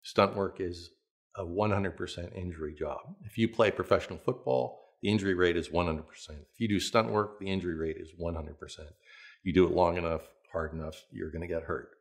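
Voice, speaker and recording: A man in his sixties, a veteran stunt performer, telling anecdotes in an interview with a relaxed manner, frequent restarts and little chuckles. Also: low-pitched, a little fast, creaky. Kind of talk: interview storytelling.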